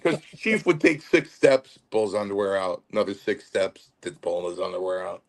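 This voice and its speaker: Low-voiced middle-aged man telling stories. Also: moderate pace. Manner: animated storyteller, acts out quotes. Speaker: podcast guest. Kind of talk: storytelling interview.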